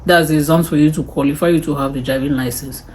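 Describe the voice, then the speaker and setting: This woman vlogger has a low, darkish voice and talks quickly with fairly even intonation. Chatting casually to camera, she walks through what she spent, exclaiming and sighing over the costs.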